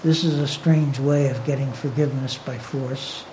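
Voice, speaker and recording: Man reading as a calm, kindly old master. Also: mid-range voice, normal speed, background noise, natural voice. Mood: gentle. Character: revered spiritual master, older man, calm, kindly and firm.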